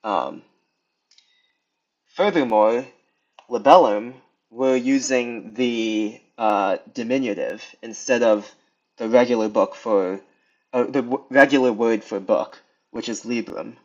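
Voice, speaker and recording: A young man talks through a casual lesson at an unhurried, halting pace, filling gaps with ums and restarting sentences. His voice sits in a middling register. The recording sounds a little dull and lo-fi. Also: medium pitch. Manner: hesitant, many ums and restarts. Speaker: video tutor.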